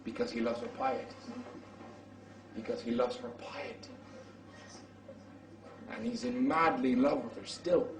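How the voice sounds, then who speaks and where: A man preaching, telling a story dramatically and rising to shouts at the climax. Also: mid-range voice, sing-song, unhurried, vocal fry, long pauses. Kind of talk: storytelling sermon. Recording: roomy hall, mic far off.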